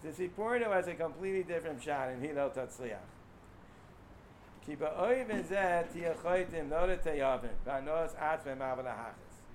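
High-voiced man giving a Torah lecture. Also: normal speed, a little hiss or hum. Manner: animated, rhetorical questions, frequent restarts. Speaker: Torah teacher.

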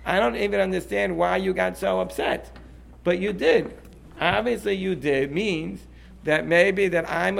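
A man with a gravelly, fairly high voice who leads a discussion. He speaks emphatically and keeps repeating his point until it sticks. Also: a bit bright. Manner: emphatic, repeats himself, insistent. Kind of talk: animated discussion.

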